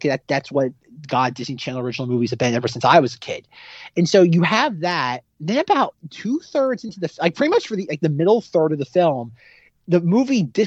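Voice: mid-range voice, a little mellow, dry recording. A podcast co-host recapping a movie in a casual, rambling way, full of "like" and restarts. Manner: rambling, heavy use of "like", restarts. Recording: dull, dry lo-fi mic.

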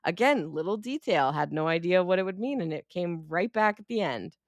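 A woman's voice: fairly low pitch, animated, a little fast, no room sound, dull audio. Profane, enthusiastic woman podcast co-host. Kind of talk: casual chat.

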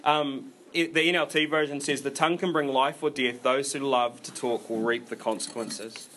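Male preacher, mid-pitched, loose and chatty, lots of ums and restarts, faint room hum. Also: steady tone, normal speed, a bit bright. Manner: informal, rambling delivery with many fillers and restarts. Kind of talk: conversational sermon.

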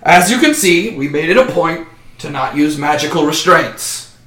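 A man's voice: a little high, expressive, normal speed, pushed and bright, roomy sound, voice pushed up. A man voicing a stern, stocky male dwarf leader who bluntly interrogates prisoners. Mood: demanding. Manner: commanding, blunt.

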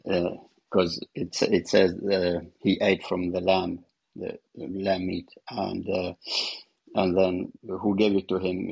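A male caller in a casual discussion who talks haltingly, repeating words and using fillers. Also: sits low, gravelly, darkish tone, husky, highs cut off.

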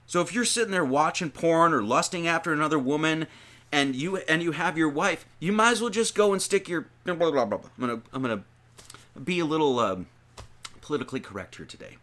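A man preaching in a loose, conversational way, reading old verses and then breaking them down with questions to his listeners. His voice swings up and down in pitch and sounds bright and sharp. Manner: animated, slangy, reads verses then riffs with rhetorical questions. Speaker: lay preacher. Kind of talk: informal sermon on scripture.

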